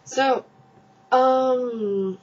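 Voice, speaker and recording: A woman's voice: sits high, extremely slow, a little mellow, soft background music. A young woman vlogging casually, chatty and gushing, full of fillers, recorded on a camera's built-in microphone. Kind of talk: casual chat. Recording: dull lo-fi webcam audio.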